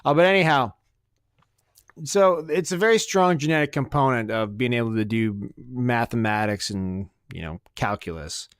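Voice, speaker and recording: Male podcast host, smooth clear voice, dry close sound, profane rambling rant with sarcastic asides. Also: mid-range voice, lively intonation, normal speed, no echo. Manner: swings between loud outbursts and muttered asides. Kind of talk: casual comedic rant.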